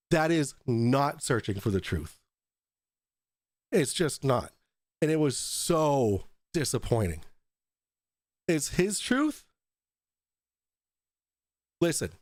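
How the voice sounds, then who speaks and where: A male host launches into a profane, mocking rant, a little tipsy from the shots he keeps taking. His pitch sits a touch high and leaps about animatedly. The sound is dry and close, with no room around it. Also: dry recording. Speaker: talk show host. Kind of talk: ranting commentary.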